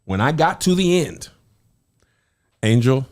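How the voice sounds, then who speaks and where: A man's voice: mid-range voice, slow pace. A man co-hosting a comedy podcast, telling stories in a loose, joking way and acting out quotes. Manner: animated storytelling, laughs a lot, acts out quotes. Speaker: podcast co-host. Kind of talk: casual comedic chat.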